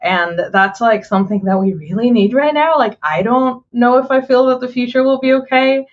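A woman game developer talking casually in an interview, halting with many fillers and restarts. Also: fairly high pitch, dull audio.

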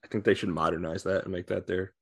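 A man's voice: low voice, fairly even intonation, quick pace, creaky, fairly bright tone, husky. A man in casual podcast chat, blunt and sarcastic. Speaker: podcast co-host.

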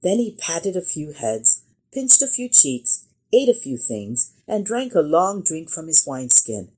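Woman reading a kids picture book out loud, low husky voice, slow and gentle. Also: low-quality recording. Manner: gentle expressive storytelling. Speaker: children's story reader. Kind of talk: picture-book read-aloud.

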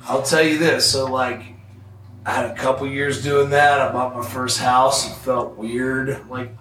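A man's voice: mid-range voice, unhurried, distant mic, a little hiss or hum. A man telling a story on a talk show, casually and with a lot of swearing, acting out what others said. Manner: profane, animated storyteller acting out quotes. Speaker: podcast guest. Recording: roomy echo, off-mic, music bed.

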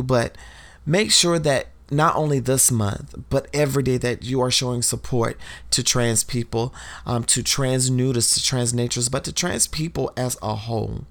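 A woman hosting a podcast, talking in an emphatic, preachy way straight to her listeners and calling them y'all, clearly emotional as she speaks. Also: extremely low pitch, normal speed. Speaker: podcast host. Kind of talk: impassioned podcast monologue.

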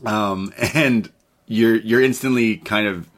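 This movie review co-host takes it slowly, his voice on the low side with a fairly bright tone. In casual conversation he acts out scenes with animation, cursing freely and dropping into character voices.

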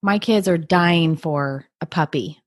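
A woman's voice: low-pitched, takes it slowly, dry recording, clean studio sound. A woman co-hosting a podcast in casual, upbeat chat, laughing easily and talking about her kids. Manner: upbeat, easygoing, laughs often. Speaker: podcast co-host; mother.

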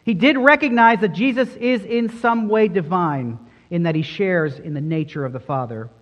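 A pastor preaching a sermon, earnest and emphatic, pressing hard on key words. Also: male voice, high-pitched, normal speed. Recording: dull sound with long hall reverb.

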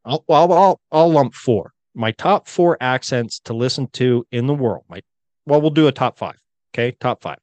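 A man's voice: mid-range voice, lively intonation, moderate pace, a little mellow, dry recording. Man, podcast co-host, crude, rambling, casual chat, dry close sound.

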